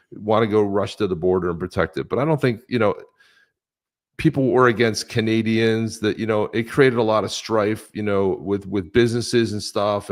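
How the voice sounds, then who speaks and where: A man co-hosting a live stream podcast, ranting about politics with many fillers and restarts. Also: fairly low pitch. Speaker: podcast co-host.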